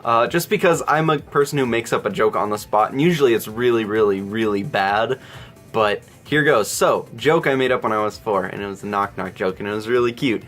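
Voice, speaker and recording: A man's voice: fairly low pitch, brisk, a bit bright, soft background music. A young man hosting a casual Q&A vlog, rambling and self-deprecating, chuckling often. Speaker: YouTube channel host.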